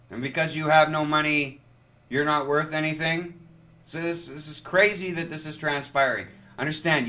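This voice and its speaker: A man giving an impassioned, rambling monologue to camera, urgent and halting with many restarts. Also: a little high, sharp tone. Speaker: vlogger.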